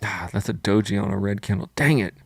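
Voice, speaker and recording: A man with a lowish, gravelly voice chats casually, thinking out loud in halting bursts and tossing in "dude". The sound is close and dry. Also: flat delivery, dry recording. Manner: thinks aloud, hesitant, says "dude" a lot. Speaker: co-host trading live. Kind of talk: casual live-stream chat.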